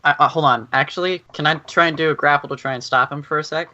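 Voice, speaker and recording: A man's voice: a little high, fast, bright, forceful tone, muffled recording. A man playing a tabletop game, talking casually and asking questions about his moves. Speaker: player.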